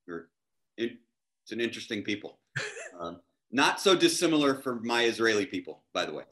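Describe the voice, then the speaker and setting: A chef appearing as a guest tells an anecdote in casual conversation, his voice on the low side and fairly quick. He's animated, acting out the voices of the people in his story.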